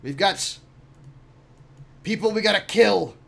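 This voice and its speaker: A man doing a gruff mercenary captain, curt and commanding, his voice pushed up higher and harder than usual. He snaps out short orders with no patience for anyone, like a tabletop game villain's muscle. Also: takes it slowly, full character voice. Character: gruff male mercenary captain, blunt and impatient.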